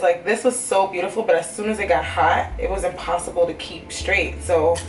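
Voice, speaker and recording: A woman's voice: lowish voice, recorded from a distance, a little hiss or hum. A young woman and hairstylist talking candidly to camera in a casual vlog, chatty and full of "like". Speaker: hairstylist and vlogger. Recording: roomy echo, faint music.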